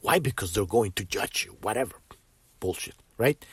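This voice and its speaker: A man's voice: fairly low pitch, lively intonation, normal speed, slightly rough, no echo. A man hosting a casual spiritual podcast, rambling with many restarts, tagging sentences with "right?" and swearing freely. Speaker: podcast host.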